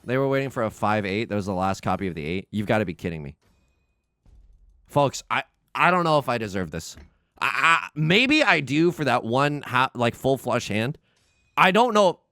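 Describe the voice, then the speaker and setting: A young man commentating his own game as he plays, anxious and pleading, often begging out loud and exclaiming. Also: mid-range voice, big pitch swings, moderate pace, no room sound. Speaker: let's play host. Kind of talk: live gameplay commentary.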